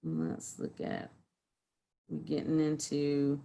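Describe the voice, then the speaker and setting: A woman co-hosting a livestream as a community mediator, chatting casually and telling stories with animated acted-out quotes over a video call. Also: deep voice, takes it slowly, gravelly. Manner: animated storyteller, acts out quotes, many fillers. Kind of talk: casual conversational chat.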